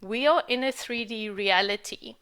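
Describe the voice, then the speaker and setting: A woman's voice: a little high, normal speed, a bit bright, clear, resonant tone. A woman talking on her spiritual vlog in a candid rant, frank and emphatic and swearing freely. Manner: emphatic, repeats for stress. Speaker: spiritual vlogger.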